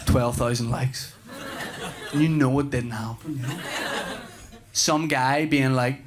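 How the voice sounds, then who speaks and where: A man in his thirties doing stand-up, telling stories about his young son with animated delivery and flustered swearing. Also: mid-range voice, unhurried, long pauses. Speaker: stand-up comedian. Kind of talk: stand-up comedy routine. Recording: noisy live stage recording.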